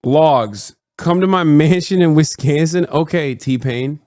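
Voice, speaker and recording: A man in his thirties ranting excitedly and profanely while commentating on a live stream. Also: fairly high pitch, takes it slowly, no room sound, clean studio sound.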